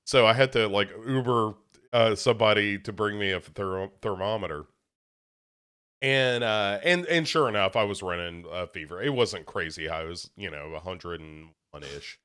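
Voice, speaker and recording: A man's voice: on the low side, moderate pace, fairly bright tone, clear, resonant tone. A young man co-hosting a podcast, a little congested, chatting casually in a rambling, self-deprecating way with many restarts. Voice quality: slightly congested. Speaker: podcast co-host. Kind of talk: casual chat.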